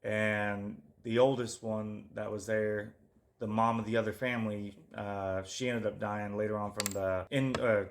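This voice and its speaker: A man's voice: fairly low pitch, little pitch movement, a little slow, slight background noise. A man co-hosting a podcast, chatting loosely about true crime, swearing often and losing his train of thought. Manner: rambling, swears a lot, trails off. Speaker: podcast co-host. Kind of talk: casual true-crime chat.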